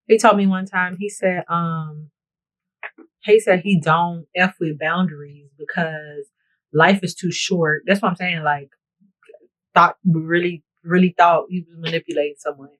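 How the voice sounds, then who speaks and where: A woman vlogger chatting casually to her viewers while getting ready, telling stories in a playful, animated way and often asking if they know what she's saying. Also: on the low side, measured pace, poor audio. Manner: playful, animated storytelling with frequent laughs. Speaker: beauty vlogger. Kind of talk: get-ready-with-me casual chat.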